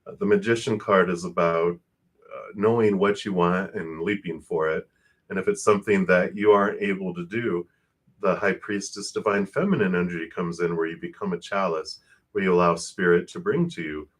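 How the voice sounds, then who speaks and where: A man giving live tarot card readings to viewers, talking quickly and warmly about spirit and energy, often laughing and calling himself out of breath. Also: low voice, fairly even intonation.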